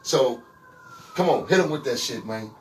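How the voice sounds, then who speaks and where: A man with a Los Angeles accent hosts a casual podcast, talking in an animated, profane way. His voice sits at a middling pitch. He sounds a little distant from the microphone. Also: normal speed, slight background noise. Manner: animated, profane, hype interjections. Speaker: podcast host.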